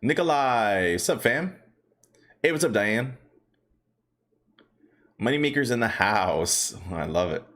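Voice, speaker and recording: A man's voice: mid-range voice, expressive, measured pace, long pauses, a bit bright. A man hosting a casual stock market livestream, chatty and upbeat, greeting viewers by name and telling rambling stories with lots of fillers. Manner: rambling storytelling with many fillers.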